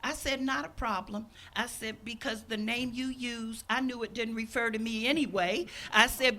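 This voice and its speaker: Older woman pastor, fairly high and bright, lively storytelling sermon. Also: moderate pace, few pauses. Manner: storytelling, acts out quoted speakers. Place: outdoors.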